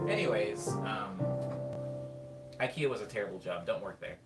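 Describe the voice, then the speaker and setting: A man's voice: on the low side, animated, moderate pace, pauses often. A man rambling casually between songs on a livestream, telling stories in a self-deprecating way. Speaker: streamer and musician. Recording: roomy room, distant mic, loud guitar.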